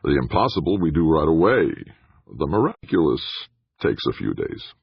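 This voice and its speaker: A man's voice: rumbling low, big pitch swings, normal speed, creaky, breathy edge, no echo, highs cut off, full character voice. A man voicing a slick, breezy male PR director who talks in a glib, joking way.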